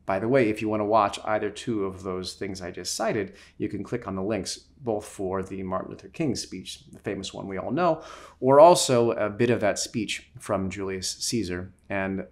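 A man's voice: on the low side, moderate pace. A middle-aged man, a communication trainer, giving an instructional talk with emphatic, shifting stress.

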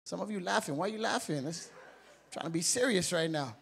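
Male pastor, very high voice, emphatic sermon delivery with call-and-response. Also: expressive, brisk, gravelly, fairly bright tone, breathy edge. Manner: emphatic preaching with call-and-response questions and repeated words; playful, acts out family members.

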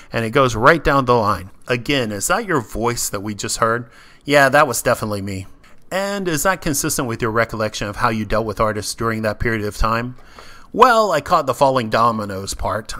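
A man narrating a video essay, reading deposition testimony aloud and speaking every part himself. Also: bright, forceful tone. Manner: reads every part himself, mostly plain, with small lifts in pitch for quoted lines. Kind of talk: reading a legal transcript aloud.

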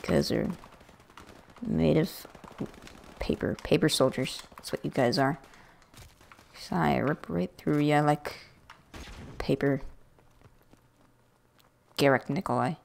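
A woman's voice: sits low, slow, vocal fry, pauses often, darkish tone, a little hiss or hum. A woman giving chatty, rambling let's-play commentary with self-mocking jokes, into a USB desk microphone. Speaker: gaming video creator.

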